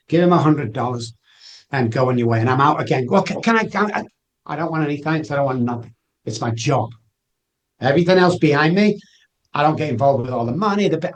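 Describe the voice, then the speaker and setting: Earnest storytelling man. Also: medium pitch. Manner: earnest, animated, acts out past conversations. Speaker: podcast guest. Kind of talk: emotional personal storytelling.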